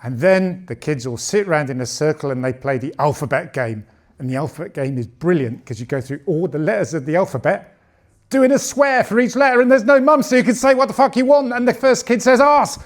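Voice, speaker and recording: A man's voice: high-pitched, expressive, fairly quick. A man in his late fifties performs a bawdy stand-up comedy set on a club stage. He speaks into a handheld mic in a slightly raised register. His delivery is conversational and punchy. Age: 50s.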